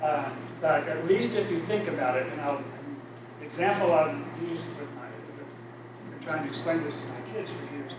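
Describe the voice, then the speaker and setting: A man's voice: on the high side, normal speed, noisy background. A middle-aged man leading a church Bible study group, teaching in a conversational, self-deprecating way. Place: church meeting room. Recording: echoey room recorded from far off.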